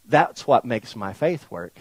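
A man preaching a sermon to a congregation, folksy and animated, swinging from near-shouts down to soft, low lines. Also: unhurried, slightly rough, dry recording, low-quality recording. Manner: folksy, addresses the congregation directly. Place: church in front of a congregation.

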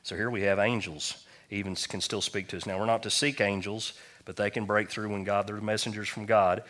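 A middle-aged man, a pastor, preaching a sermon at a church service and telling stories with lively acted-out quotes. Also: on the low side, fairly quick. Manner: animated storytelling with acted quotes.

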